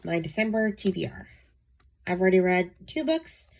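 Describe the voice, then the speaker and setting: A woman hosting her book channel, sick and nasal, talking softly to save her voice, with frequent ums. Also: lowish voice, big pitch swings, moderate pace, creaky. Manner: soft-spoken, saving her voice, many ums. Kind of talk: casual book vlog.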